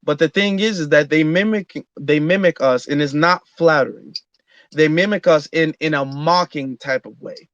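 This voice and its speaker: A man hosts an online audio room in a casual, earnest monologue, pausing often on fillers and restarting his sentences. His voice sits somewhat high for a man. The sound is dry and dull, with a lo-fi quality. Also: fairly bright tone, no echo. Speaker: host.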